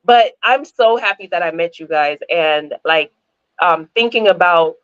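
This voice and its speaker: A woman's voice: on the low side, measured pace, a bit bright, clear, resonant tone, no echo, lo-fi sound. A woman from Jamaica who talks with an American-sounding accent, chatting as a guest over a video call and laughing often. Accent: American-sounding English. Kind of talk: casual interview chat.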